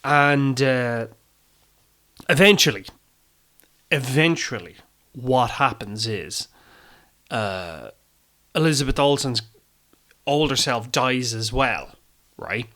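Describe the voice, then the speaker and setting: A man's voice: mid-range voice, slow, long pauses, a bit bright. A man with an Irish accent hosting a film podcast, rambling and self-deprecating, swearing freely and using many fillers. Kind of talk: casual film review chat.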